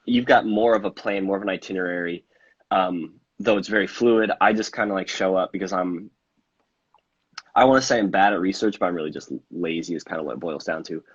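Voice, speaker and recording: A podcast host with a deep, husky voice talks briskly and casually about a trip, rambling and poking fun at himself. He often restarts his sentences, and the audio sounds dull.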